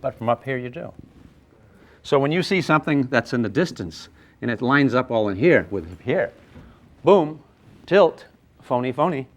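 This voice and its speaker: Older man lecturing physics, lively. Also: medium pitch, moderate pace. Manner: lively, with sound effects and acted asides. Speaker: physics teacher. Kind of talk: classroom lecture at a whiteboard.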